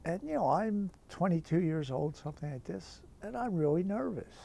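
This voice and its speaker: Gravelly older priest telling stories. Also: male voice, high voice, normal speed, a little hiss or hum. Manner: lively, chatty, full of asides. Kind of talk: anecdotal storytelling.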